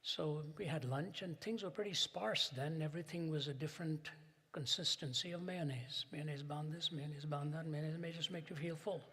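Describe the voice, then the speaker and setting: An older man giving a public lecture, an emphatic storyteller who builds to dramatic pauses. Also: fairly high pitch, pushed and bright, breathy edge. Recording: long hall reverb.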